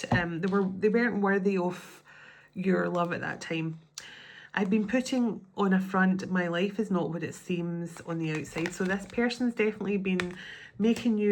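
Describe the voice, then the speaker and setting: A woman's voice: on the low side, a little hiss or hum. A woman giving a tarot card reading. She thinks aloud in a chatty way and often restarts her sentences. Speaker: tarot reader.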